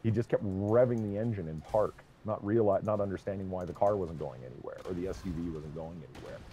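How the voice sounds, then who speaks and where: A man streaming a game, chatting casually and telling an animated story, swearing freely. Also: sits low, fast talker, faint music behind. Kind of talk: casual chat while gaming.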